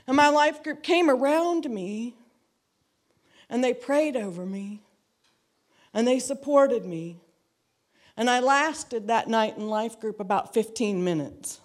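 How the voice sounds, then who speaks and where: A woman's voice: on the high side, expressive, slow pace, long pauses. A woman giving a personal testimony to a church, earnest and reflective, repeating phrases for emphasis. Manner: acts out quoted dialogue in her story.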